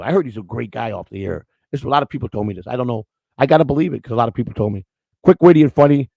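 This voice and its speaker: A man's voice: mid-range voice, vocal fry, darkish tone, no echo. A man hosting a live-streamed show, talking in a rambling, emotional way, repeating words and getting choked up. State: emotional, near tears. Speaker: show host.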